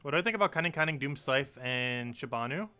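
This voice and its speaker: A man in his twenties from New Jersey, talking fast and casually as he streams a game. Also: mid-range voice, lively intonation, pushed and bright, clean tone. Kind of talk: casual live-stream commentary.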